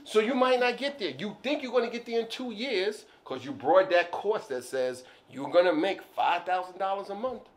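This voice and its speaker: Male podcast co-host, animated storyteller, high and very expressive. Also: moderate pace, hardly any pauses. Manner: animated storyteller, acts out scenes. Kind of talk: casual chat.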